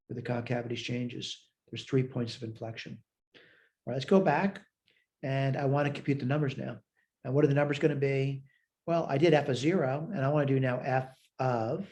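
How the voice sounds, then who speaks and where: A man's voice: medium pitch, a little mellow. A man teaching a recorded math lecture, talking through worked steps aloud and checking his own work as he goes. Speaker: math instructor.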